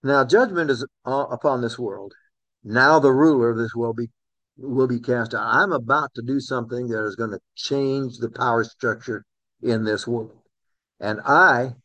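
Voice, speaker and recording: A man's voice: mid-range voice, fairly bright tone, dry recording, low-quality recording. A man preaching a sermon in a conversational way, calling on listeners by name. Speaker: pastor.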